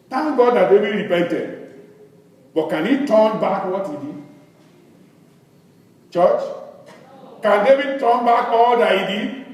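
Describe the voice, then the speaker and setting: A male pastor preaching a sermon, asking the congregation questions as he reads scripture. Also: sits high. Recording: echoey hall, distant mic.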